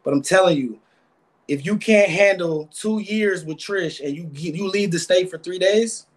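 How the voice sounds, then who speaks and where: A man's voice: high voice, measured pace. A man guest giving emotional, rambling interview answers, often repeating words.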